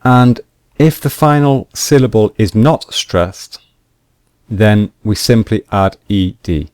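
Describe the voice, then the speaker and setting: A man teaching English grammar rules slowly and deliberately, repeating each point with examples. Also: lowish voice, lively intonation, a little mellow, smooth, no echo, clean studio sound. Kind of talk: slow explanatory grammar lesson.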